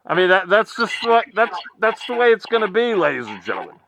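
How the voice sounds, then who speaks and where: A man's voice: high voice, steady tone, over a noisy crowd. A man talking as a guest on a casual livestream. He stumbles and repeats words, and often calls out to the audience like an announcer. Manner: halting, repeats words, announcer-like "ladies and gentlemen".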